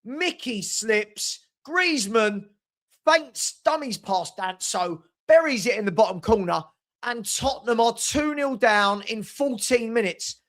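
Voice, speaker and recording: Exasperated fan hosting a match watchalong. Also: male voice, very high-pitched, lively intonation, takes it slowly. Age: older. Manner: exasperated, sarcastic, bursts into shouts. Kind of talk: live football watchalong commentary.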